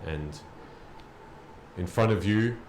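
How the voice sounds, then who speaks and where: A man running a tabletop game as game master, narrating calmly and slowly. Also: deep voice. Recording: echoey room with faint noise.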